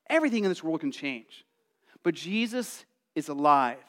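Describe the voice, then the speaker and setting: A male pastor preaching a sermon, telling the story in a lively way and acting out excited voices. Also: fairly high pitch, moderate pace. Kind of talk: Easter sermon.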